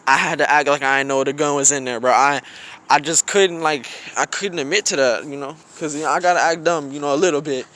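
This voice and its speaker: A man's voice: on the high side, fast talker, a bit bright. A young man telling a rambling, slang-filled story outdoors in the snow, often restarting his sentences. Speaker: vlogger. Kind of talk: casual storytime.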